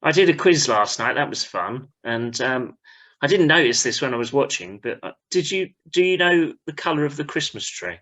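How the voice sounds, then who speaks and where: A man hosting a casual podcast over a video call, with a bright, forceful tone and a pitch that moves a lot. He keeps the chat moving and passes the turn to the others. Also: normal speed. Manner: lively, steers the conversation. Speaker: podcast host.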